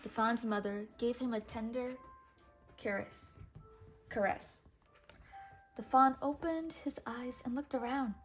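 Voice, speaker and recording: A woman hosting a channel and reading a children's storybook aloud, slow, clear and expressive. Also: fairly high pitch, soft background music. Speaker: storybook reader, channel host.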